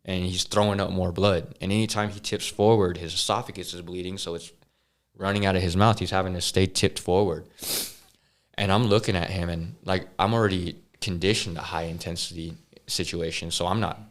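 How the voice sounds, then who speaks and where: A man as a podcast guest, earnestly telling a personal story with halting restarts and sighs. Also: sits low, fairly even intonation. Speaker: interview guest.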